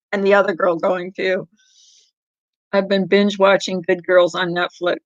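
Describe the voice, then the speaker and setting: Middle-aged woman, chatty livestream host, rambling talk, frequent laughs, crisp bright voice, dry dull lo-fi mic. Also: medium pitch, dry recording. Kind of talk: casual chat with viewers. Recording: dull lo-fi sound.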